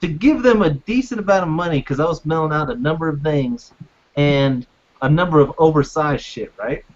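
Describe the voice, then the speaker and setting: High-voiced profane podcast host. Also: male voice, moderate pace. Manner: profane, exasperated storytelling. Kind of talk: casual podcast rant. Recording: dull lo-fi podcast audio.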